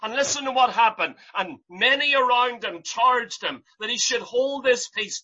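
A preacher delivering an impassioned sermon, piling up rhetorical questions and rising to loud cries. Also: medium pitch, lively intonation, normal speed, few pauses, slightly rough, lo-fi sound.

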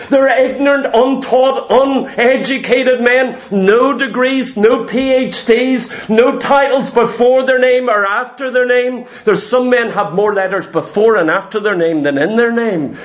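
High-voiced man preaching emphatically. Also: fairly bright tone. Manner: emphatic, repetitive preaching cadence. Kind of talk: sermon.

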